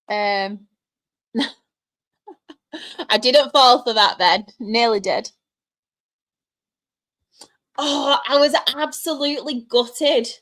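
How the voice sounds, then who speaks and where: Woman, fairly high voice, casual live stream chat, laughs a lot. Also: a bit bright. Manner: chatty, laughs often, greets viewers by name.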